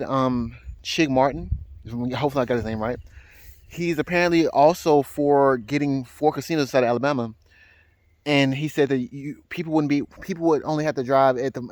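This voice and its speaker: A man rambling in a casual vlog, full of pauses and restarts. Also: medium pitch, no echo. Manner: hesitant, many ums and restarts. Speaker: vlogger. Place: outdoors, then indoors at home.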